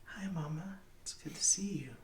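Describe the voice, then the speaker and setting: A man voicing a small human boy who is sweetly cruel, speaking in a soft whispered sing-song. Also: fairly high pitch, moderate pace, recorded from a distance, background noise, pitched above the performer's own voice, natural voice. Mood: eerie sweet.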